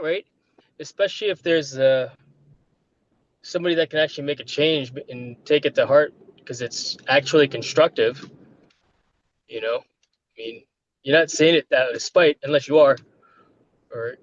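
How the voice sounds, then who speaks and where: A man's voice: a little high, normal speed, pauses often, highs cut off, a little hiss or hum. A chatty man with a New York accent, laughing often while talking casually on a live stream.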